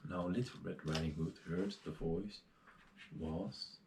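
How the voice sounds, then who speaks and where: A Dutch-accented man reading a fairy tale aloud in his non-native English, with a very deep, gravelly voice. He reads slowly, stumbling now and then, in a room with a clear echo. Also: background noise. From Netherlands. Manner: plain reading with small slips and restarts. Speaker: reader.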